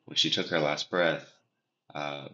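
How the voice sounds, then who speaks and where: Young man, extremely low voice, bright forceful tone, earnest reflective storytelling, roomy lo-fi recording. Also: level tone. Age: young adult. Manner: earnest, reflective, with frequent pauses and restarts. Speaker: podcast guest. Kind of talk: personal storytelling. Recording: echoey room, dull lo-fi sound.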